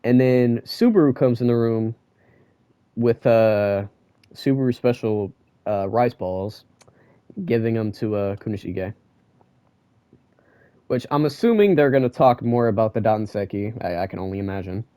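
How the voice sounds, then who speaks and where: Excitable young man ranting about manga. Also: lowish voice, a little slow, long pauses, smooth, no echo. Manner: ranting and excitable, heavy slang. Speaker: manga reviewer. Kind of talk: casual manga chapter review.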